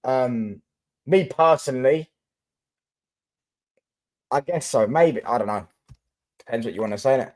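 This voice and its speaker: A man's voice: mid-range voice, measured pace, long pauses, darkish tone. A young man live-streaming about football, chatting casually and answering viewer comments with lots of fillers and restarts.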